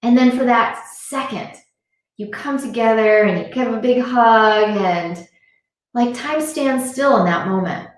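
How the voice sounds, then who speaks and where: A woman giving an earnest motivational talk on a live stream, speaking straight to her viewers and repeating her points for emphasis. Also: medium pitch. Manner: earnest, repetitive, direct address to viewers. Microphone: device camera on a live stream. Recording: very echoey room sound.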